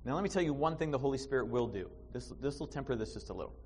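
A man preaching a sermon in church, animated, with restarts and sudden bursts of loud emphasis. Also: medium pitch, rapid-fire, slightly rough. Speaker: pastor.

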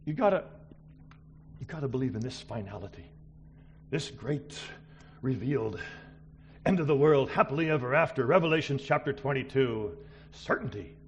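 A middle-aged man preaching a missionary sermon, swinging between loud exclamations and quiet asides. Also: medium pitch, expressive, moderate pace, long pauses, slightly rough.

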